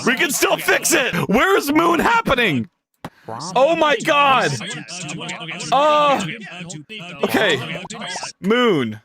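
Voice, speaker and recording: A man's voice: very high-pitched, wildly swooping pitch, extremely slow, pauses often, crowd noise. A man streaming his game development live, talking to chat in a frantic, exclaiming way with a lot of swearing.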